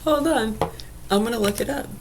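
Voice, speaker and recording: A woman's voice: a little high, moderate pace, darkish tone, a little hiss or hum. A woman rambling in a casual vlog monologue, crude and profane, laughing often, with a slight whistle through gaps in her teeth. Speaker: vlogger.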